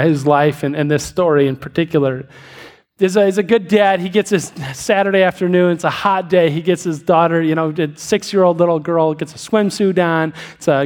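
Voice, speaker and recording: A man preaching a sermon, telling a story with many restarts and slowing down for emphasis. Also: a little high, a little mellow. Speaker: pastor.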